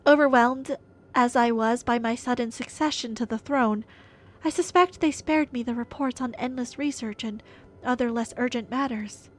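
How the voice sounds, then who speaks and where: Solemn queen, dignified and measured, high register; a woman reads her live. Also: natural voice. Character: grave, dignified young queen recounting the past. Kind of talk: live voice acting of game dialogue.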